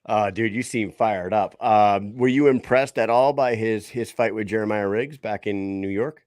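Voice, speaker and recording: A man hosting a podcast, asking a fighter questions in an easygoing, halting way. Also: fairly low pitch, a little mellow, no echo, clean studio sound. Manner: easygoing, halting, laughs along. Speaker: podcast host. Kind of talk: casual interview questions.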